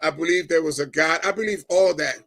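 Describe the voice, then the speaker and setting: A middle-aged man giving a personal testimony as a guest, telling it in an animated way, acting out the dialogue and often checking in with "right?". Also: fairly high pitch, brisk. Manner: animated storyteller, keeps adding "right?"; acts out quoted dialogue.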